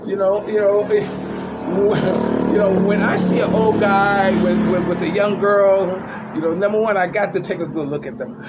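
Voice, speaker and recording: An older man talks in a loose, rambling vlog, chuckling as he goes and filling pauses with "you know." His voice sits fairly high for a man. Traffic and street noise hum steadily behind him. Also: fairly even intonation. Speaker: vlogger. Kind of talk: casual vlog commentary. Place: small outdoor hangout spot after tennis.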